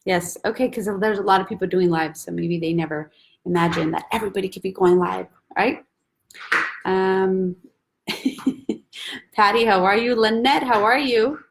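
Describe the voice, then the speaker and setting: A woman's voice: mid-range voice, moderate pace, gravelly, long pauses, slight background noise. A young woman hosting a weekly live stream from home, chatting casually and greeting viewers by name one after another. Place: at home, husband and baby in the back.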